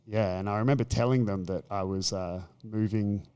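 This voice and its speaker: An Australian man in a casual chat, telling animated stories and acting out quotes. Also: fairly low pitch, moderate pace, clean tone. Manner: animated storytelling, acts out quotes. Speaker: podcast guest.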